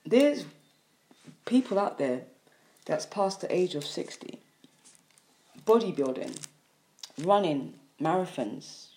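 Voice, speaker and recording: A woman's voice: on the low side, warm tone. A woman giving an earnest, emphatic health monologue, driving her points home with repeated lists. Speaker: health speaker.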